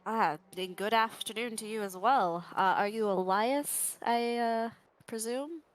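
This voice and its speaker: A woman's voice: on the high side, a little slow, no room sound, natural voice. A woman voicing a courteous male adventurer with a wry, polite manner.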